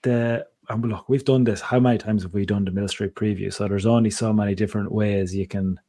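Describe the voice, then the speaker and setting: A man's voice: lowish voice, steady tone, brisk, dark tone, no echo. A man co-hosting a podcast in casual chat, rambling and digressive, often breaking off mid-sentence. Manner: rambling, digressive, self-interrupting. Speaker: podcast co-host.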